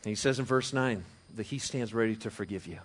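A man preaching a sermon as pastor, conversational and animated, moving from hushed to loud and emphatic. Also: on the low side, a little fast. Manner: conversational with frequent restarts and chuckles.

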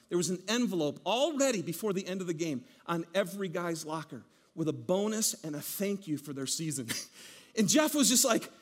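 A man preaching a sermon to a congregation, telling stories in an animated, joking way. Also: sits high. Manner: animated, jokey storytelling with laughs. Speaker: pastor.

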